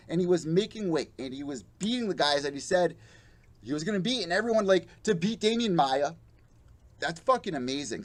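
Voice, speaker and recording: Fired-up profane man ranting on a live MMA show. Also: fairly high pitch. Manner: heated, profane and blunt, mocking quoted fighters. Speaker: podcast host. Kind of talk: live-streamed MMA commentary rant.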